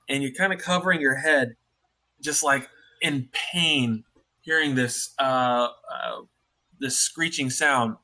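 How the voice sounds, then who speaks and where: Slow-talking male game master. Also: mid-range voice, sharp tone. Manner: loose, halting narration with many fillers. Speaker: dungeon master. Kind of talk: narrating a tabletop game.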